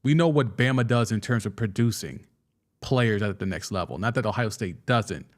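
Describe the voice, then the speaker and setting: Excitable man riffing on football. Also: lowish voice, moderate pace. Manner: excitable, with frequent restarts and stammers. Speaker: sports show host. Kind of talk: casual sports commentary, reading viewer comments. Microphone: studio microphone.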